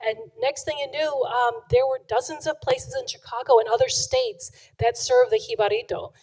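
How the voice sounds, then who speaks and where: Animated woman author, slightly high voice, acting out quotes at a live book event. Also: moderate pace, slightly rough, low-quality recording. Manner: chatty and animated, acts out quotes. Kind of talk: live book talk to an audience. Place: event room with an audience.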